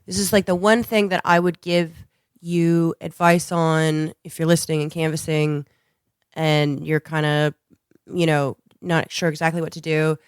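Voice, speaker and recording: A woman's voice: low-pitched, flat delivery, unhurried, clear, resonant tone, dry recording, studio quality. A woman co-hosting a podcast, giving blunt canvassing advice with crude jokes in casual chat. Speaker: podcast co-host.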